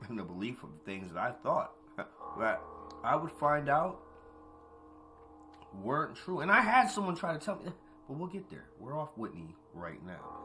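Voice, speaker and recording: A man's voice: mid-range voice, sharp tone. A man hosting a late-night monologue, talking straight to his listeners, swearing freely, laughing often and repeating points for emphasis. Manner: talks to listeners directly, repeats himself for emphasis. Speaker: podcast host. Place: at home, eating with a cat nearby.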